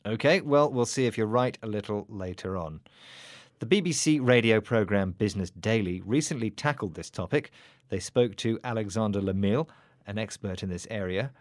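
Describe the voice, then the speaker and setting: A man hosts a scripted English lesson in a clear, lively teacher's manner. He is recorded close and dry in a studio, with no room sound around him. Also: on the low side, moderate pace, no room sound. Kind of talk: scripted radio lesson chat.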